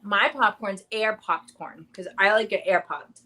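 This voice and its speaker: This thirties-aged woman hosts a laid-back livestream, talking in a chatty, wandering way full of filler words. Her medium-pitched voice has a sharp tone and a measured pace.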